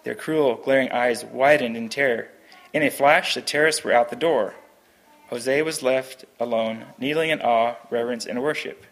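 A man reads a story aloud in a plain, earnest voice of middle pitch. He keeps the telling steady and simple, with only small shifts for the characters. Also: moderate pace. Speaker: reader.

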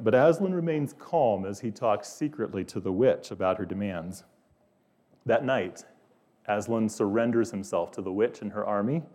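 Mellow-voiced man preaching a sermon. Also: lowish voice. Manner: earnest preaching, questions posed to the congregation. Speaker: pastor.

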